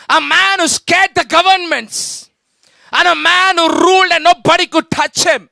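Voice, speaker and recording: A man's voice: very high-pitched, creaky, pushed and bright, no echo. A man with an Indian accent preaching a sermon as pastor, emphatic and full of rhetorical questions to the congregation, calling out hallelujah again and again. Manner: repeats hallelujah and calls out to the church.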